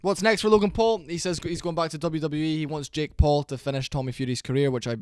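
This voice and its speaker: A young man giving a casual, rambling reaction commentary, tired and low on energy, with fillers and swearing. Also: steady tone, quick pace, clear, resonant tone, no echo, clean studio sound. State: sleepy, worn out. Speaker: MMA reaction channel host.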